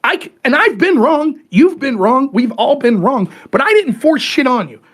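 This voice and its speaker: A man in casual podcast chat who argues his politics with heat and plenty of swearing. His pitch swings widely as he makes his points, rising sharply when he pushes back. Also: normal speed. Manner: animated, profane, argumentative. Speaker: podcast host.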